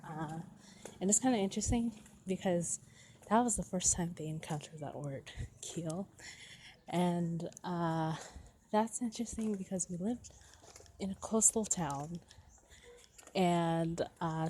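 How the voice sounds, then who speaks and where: A woman's voice: lowish voice, measured pace, mellow, slight background noise, low-quality recording. A woman with a Filipino English accent, a native Ilocano speaker, explaining language ideas out of breath while walking outdoors. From Philippines. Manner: thinks aloud, explaining step by step. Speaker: vlogger on language. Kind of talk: explanatory casual talk.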